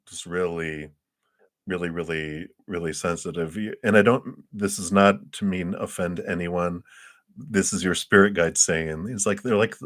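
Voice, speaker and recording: A man's voice: low voice, fairly bright tone. A man giving tarot readings on a live stream, chatty and thinking aloud, laughing often between thoughts. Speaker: tarot reader.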